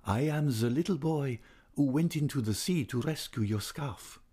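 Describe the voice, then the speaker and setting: A man's voice: mid-range voice, normal speed, dark tone, husky, voice pushed up, lightly acted. A man reading aloud and voicing an earnest young nobleman in a raised, eager voice.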